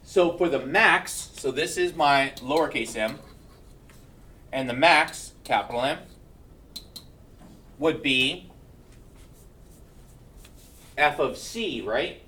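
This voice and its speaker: A man's voice: mid-range voice, animated, slow pace, long pauses, sharp tone, distant mic. A male math teacher giving a classroom lecture, checking in with his students and joking between steps. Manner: keeps checking in with "right?", joking asides.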